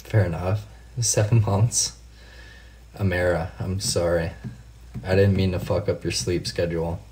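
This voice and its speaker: A man with a deep, low-pitched voice chats with his viewers on a late-night live stream. He swears freely and drifts through laid-back stories, answering comments by name as he goes. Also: fairly even intonation, measured pace, darkish tone, a little hiss or hum. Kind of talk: casual live stream chat.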